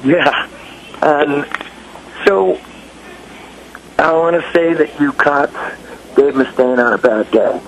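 Middle-aged man, gravelly voice, lively anecdotes, faint noise behind. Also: fairly high pitch, slow, long pauses, low-quality recording. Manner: animated, acts out quotes in raised voices. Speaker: guest musician. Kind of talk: casual storytelling chat.

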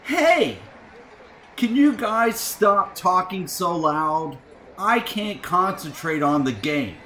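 A man mimicking a fussy, annoyed fan who complains in a slow, whiny tone. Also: high voice, big pitch swings, sharp tone, roomy sound, a little hiss or hum, voice pushed up, heavily acted. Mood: complaining.

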